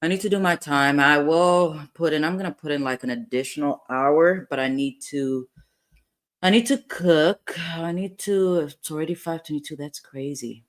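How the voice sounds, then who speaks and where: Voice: medium pitch, moderate pace. Chatty livestream commentator, talks to viewers. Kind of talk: casual live reaction commentary.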